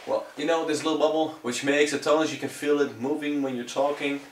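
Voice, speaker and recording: Speaking English with a Dutch accent, a young man from the Netherlands rambles through a casual, profane, relaxed vocal how-to. His voice is on the high side, a little fast, with little pitch movement. Recorded from a distance in an echoey room, it has slight background noise.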